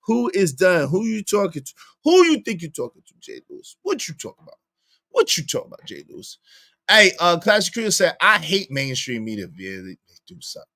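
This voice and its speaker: A man's voice: sits high, fairly quick. A young man hosting a casual livestream, reading the chat aloud and teasing viewers with lots of repetition. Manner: animated, teasing, repeats lines to the chat.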